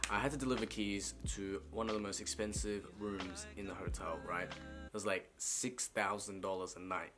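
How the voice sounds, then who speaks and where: A young man in a loose, chatty storytime vlog, swearing freely and checking in with "right?". His voice sits somewhat low. Music plays clearly behind him. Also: steady tone, normal speed, fairly bright tone. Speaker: vlogger. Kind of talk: storytime monologue.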